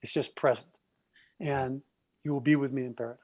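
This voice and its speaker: A man talking on a podcast, telling stories in an animated way and acting out the voices of the people he quotes. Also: medium pitch, a little fast. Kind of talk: conversational podcast discussion.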